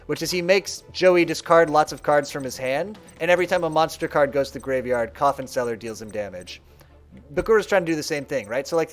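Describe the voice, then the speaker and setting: A man streaming a card game live, chatting casually and explaining moves as he plays. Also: fairly high pitch.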